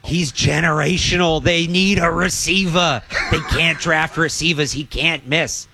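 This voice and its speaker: A man's voice: on the high side, steady tone, measured pace, faint music behind. A man from the Boston area joining a sports radio show, playful and teasing. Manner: bright, playful, doing mock impressions. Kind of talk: casual sports radio banter.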